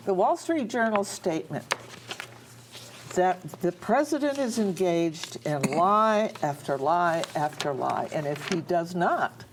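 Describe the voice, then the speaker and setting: A woman speaks on a studio political panel with a fairly low voice for a woman. She is earnest and halting, circling back over her words, while a faint hiss sits underneath. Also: expressive. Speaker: panelist, speech coach.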